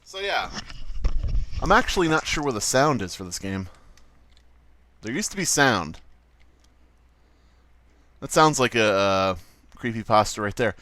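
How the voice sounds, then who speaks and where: A male let's-play host rambles through casual gameplay commentary at an ordinary mid pitch. He swears freely and keeps a wry, offhand tone. The recording is dry, with no room echo. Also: very animated, unhurried, long pauses, bright, forceful tone.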